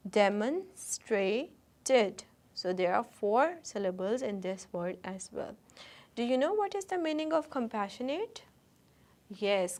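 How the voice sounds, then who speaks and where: A woman teacher talks students through a recorded lesson. She is patient and instructive, and she often repeats a word slowly so learners can follow. Her voice sits at an ordinary middle pitch.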